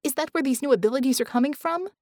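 A woman reader voicing a sharp, quick-talking young woman mage with excited questions. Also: high voice, dry recording, clean studio sound, voice pushed up.

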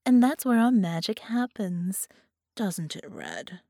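A woman voicing a menacing shapeshifting female villain who speaks low and sighs her words, sometimes sinking into a whisper. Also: huge pitch swings, takes it slowly, dark tone, dry recording, studio quality, heavily acted. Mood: gloating. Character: menacing shapeshifting female abductor, purring and gloating.

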